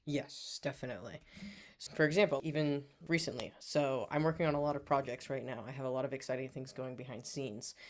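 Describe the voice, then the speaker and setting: A man's voice: mid-range voice, steady tone, a little fast. A man co-hosting a podcast, earnestly reflecting on his own feelings and growth with therapy-style language. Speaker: podcast co-host. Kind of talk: personal storytelling on a podcast.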